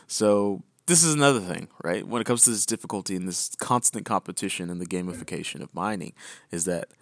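Clean studio sound with no echo carries this fairly low male voice. As a podcast co-host, he reads out headlines and unpacks them in relaxed conversation, frequently adding "right?" asides.

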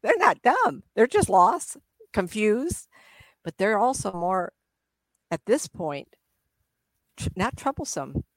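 A woman's voice: medium pitch, very animated, slow pace, long pauses, dry recording. A middle-aged woman, a psychic medium, chatting in an interview and acting out spirits with gasps and laughs. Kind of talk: casual interview talk.

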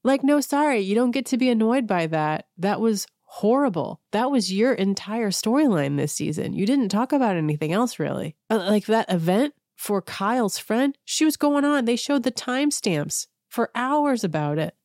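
A woman's voice: fairly high pitch, lively intonation, moderate pace, few pauses, darkish tone, no room sound, clean studio sound. A woman hosting a podcast, giving a casual, sarcastic recap and mimicking the people she quotes. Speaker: podcast host.

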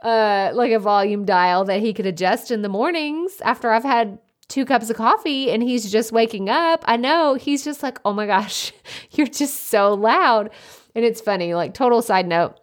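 A woman hosting a solo podcast, talking loudly and energetically in a casual, chatty way into a close microphone. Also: on the high side, moderate pace, hardly any pauses. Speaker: podcast host. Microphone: studio podcast microphone up close.

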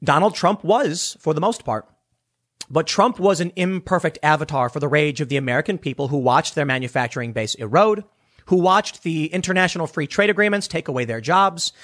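A man's voice: fairly high pitch, fairly bright tone. A man giving opinionated political commentary, emphatic and sarcastic, often restarting his words.

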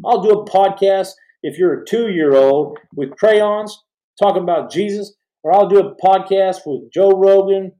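Unhurried and dark in tone despite his high voice, the middle-aged man is hosting a live podcast. He rambles fervently at viewers with many restarts, and the room gives the audio a noticeable echo.

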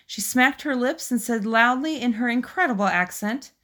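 A woman's voice: on the high side, normal speed. A woman co-hosting a podcast, chatting casually and reading out funny stories with frequent giggles. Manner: giggly, animated storyteller. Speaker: podcast co-host.

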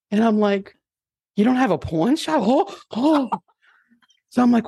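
A woman with a New York accent hosting a casual chat over a headset, telling lively stories and laughing often. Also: on the high side, measured pace, husky, no echo, clean studio sound. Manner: animated storyteller, laughs often. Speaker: podcast host.

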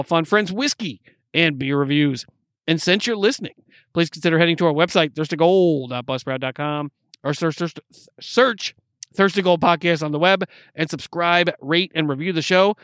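Casting: young male sports podcast host, high voice, dry close recording, excitable banter. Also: no room sound. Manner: excitable, joking, rapid listing.

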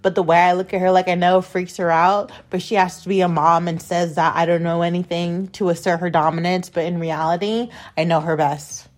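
This young woman's podcast voice sits on the low side, with flat, fairly quick delivery and few pauses. As host, she rambles through a personal story bluntly and profanely, frequently saying the same things again in a casual storytelling style.

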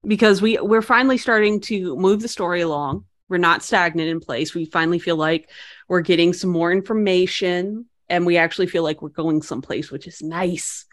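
A woman's voice: on the low side, moderate pace. A woman co-hosting a casual podcast, chatting bluntly about a TV episode. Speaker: podcast co-host. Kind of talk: casual TV recap chat.

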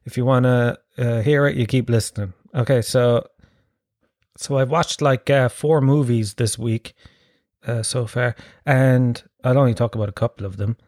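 A man's voice: medium pitch, fairly even intonation, normal speed, a little mellow, dry recording, clean studio sound. An Irish man in his thirties hosting a podcast, telling rambling, sweary, self-mocking stories. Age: 30s. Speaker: podcast host. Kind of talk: casual comic storytelling monologue.

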